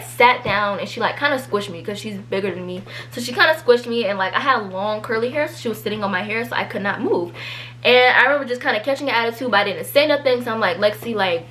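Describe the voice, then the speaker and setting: A woman's voice: a little high, a little hiss or hum. Chatty teenage girl telling a story. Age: teens. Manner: chatty, filler-heavy, animated when quoting people. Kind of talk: casual storytime.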